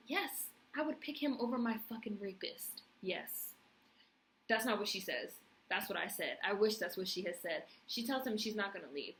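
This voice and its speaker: A woman's voice: medium pitch, animated, moderate pace, a bit bright, slight background noise, rough recording. A young woman recapping a TV series on her vlog, passionate and blunt, swearing freely. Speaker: TV review vlogger. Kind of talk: casual recap and commentary.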